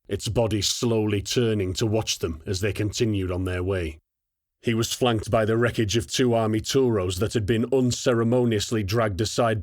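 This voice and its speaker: Brief: low, measured male audiobook narrator, dry close mic. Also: no room sound.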